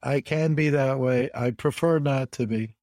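A man in his seventies from the United States, a guest telling animated stories with emphatic repetition in an interview. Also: mid-range voice, unhurried, no room sound. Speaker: guest, bridge champion. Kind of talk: conversational storytelling interview.

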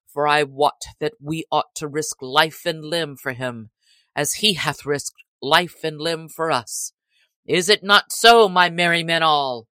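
A woman's voice: low voice, steady tone, takes it slowly, sharp tone, no echo, full character voice. Robin Hood, a woman reading a stirring outlaw chief. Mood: rousing. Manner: stirring, declamatory. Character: bold male outlaw leader, commanding.

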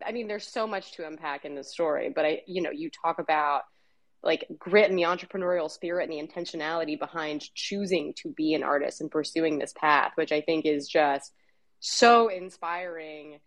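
A woman's voice: deep voice, fairly even intonation, a little fast. A woman co-hosting an interview, responding with enthusiastic, effusive praise. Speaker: podcast co-host. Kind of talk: casual interview chat.

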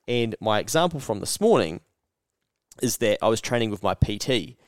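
A New Zealand man talks casually on a podcast, telling stories candidly and cursing freely. His voice sits low and smooth. The sound is close and dry. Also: sing-song, moderate pace, no room sound. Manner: candid, sweary storyteller acting out his own thoughts. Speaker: podcast host. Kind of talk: casual chat.

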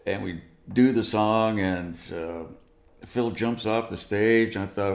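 A man being interviewed, telling a long anecdote in an animated way and acting out the dialogue. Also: fairly low pitch, slow, creaky, echoey room. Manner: animated, acts out quoted dialogue. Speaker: guest musician. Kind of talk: storytelling interview.

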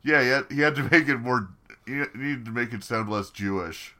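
A man's voice: medium pitch, moderate pace, bright, forceful tone. A man co-hosting a podcast, making dry joking asides in casual chat. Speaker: podcast co-host.

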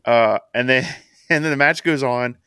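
A man's voice: mid-range voice, moderate pace, sharp tone, clean tone, no echo, clean studio sound. A man co-hosting a casual wrestling podcast, recapping in a chatty way and laughing as he acts out quotes. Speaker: podcast co-host.

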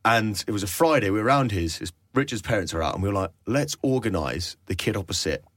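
A man's voice: lowish voice, fast talker, no echo. A young man, a radio presenter and podcast guest, telling a story with lots of laughter and acted-out voices. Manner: animated storyteller, acts out voices, laughs often. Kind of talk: casual storytelling chat.

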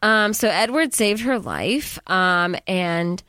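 A woman chats through a film recap, leaning on fillers as she goes. Her voice is smooth and clear, and the recording is close and dry with no room sound. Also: mid-range voice, expressive, slow, pushed and bright, no room sound. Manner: chatty, lots of fillers and quoted voices. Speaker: podcast co-host. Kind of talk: casual chat recapping a film.

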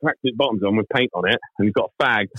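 Fast-talking sweary man. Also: fairly low pitch, husky, dry recording, highs cut off. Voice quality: sweary, animated anecdote-telling. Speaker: podcast co-host. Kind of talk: casual chat, comic storytelling.

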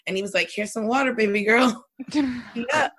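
A woman, a podcast guest, telling a story in relaxed casual chat and quoting others in a lower voice. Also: normal speed, poor audio.

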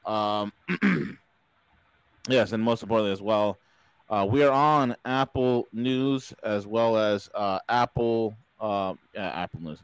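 A man's voice: medium pitch, smooth, no echo, rough recording. Jokey male podcast host, dry close mic. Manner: jokey, rambling, laughs at his own gags. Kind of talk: casual joking live-stream chat.

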